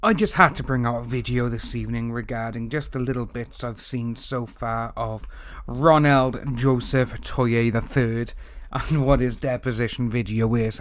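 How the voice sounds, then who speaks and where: A man from Wales with a Welsh accent, giving a rambling, animated commentary vlog from home. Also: mid-range voice. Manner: rambling, animated, stumbling restarts. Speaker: YouTube commentator. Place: home room with open window.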